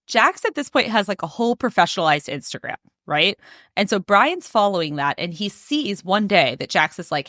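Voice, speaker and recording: A woman's voice: medium pitch, moderate pace, no room sound, studio quality. A woman podcast host telling a story in casual chat, acting out what people said and laughing often. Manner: animated, acts out quotes, laughs often.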